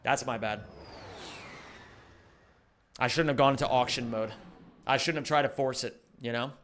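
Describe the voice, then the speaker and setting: A man live-streaming, joking and bantering with his viewers in casual chat, swearing freely and answering them quickly. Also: medium pitch, steady tone, a bit bright, a little hiss or hum. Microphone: streaming microphone.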